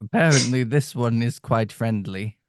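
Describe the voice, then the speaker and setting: A man's voice: mid-range voice, clear, resonant tone, dry recording. Stammering man in a dry close mic. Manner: hesitant, stammering, halting. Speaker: player. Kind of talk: in-character tabletop role-play.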